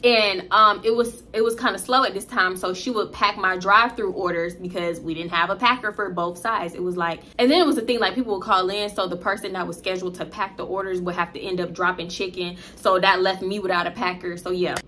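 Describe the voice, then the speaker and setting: A young woman in her twenties telling a casual, profane work story in an animated, chatty way. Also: medium pitch, fairly quick, few pauses, a little hiss or hum.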